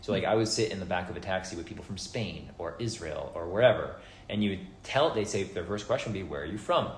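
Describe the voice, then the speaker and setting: A man chatting casually as a podcast guest, rambling and turning animated when he mimics other people. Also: deep voice, fast talker. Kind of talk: casual chat. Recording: roomy echo with faint background noise.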